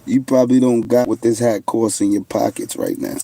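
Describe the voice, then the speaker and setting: A man's voice: medium pitch, steady tone, brisk, gravelly, background noise. A young man, hosting a casual livestream, answering viewers with brash, boastful trash talk. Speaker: livestream host.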